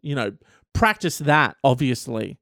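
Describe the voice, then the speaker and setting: Comedic male podcast host, rambling and profane, very lively delivery, dry sound. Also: mid-range voice, unhurried, creaky, no echo. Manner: reads out an article and riffs on it.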